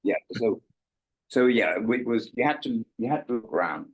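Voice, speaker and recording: A man's voice: moderate pace, rough recording. An older man from England, a musician guest in an interview, telling stories and acting out the dialogue of the people in them. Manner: animated storyteller, acts out quoted dialogue with big pitch jumps. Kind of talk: casual storytelling interview.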